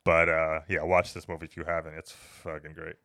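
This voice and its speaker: Give me a quick, bright, swearing guy hosting a movie podcast. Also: completely flat delivery, no room sound, clean studio sound. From United States. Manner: rambling, swears freely, full of "like" and "you know"; jumps into loud high mock voices for quoted lines. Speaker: podcast host. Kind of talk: casual movie review chat.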